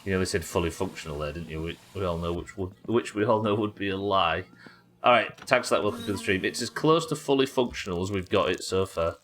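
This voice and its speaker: Low-voiced streamer, profane and jokey. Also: male voice, fast, fairly bright tone. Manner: chatty and profane, joking with chat. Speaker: gaming livestream host. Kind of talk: casual live commentary while gaming.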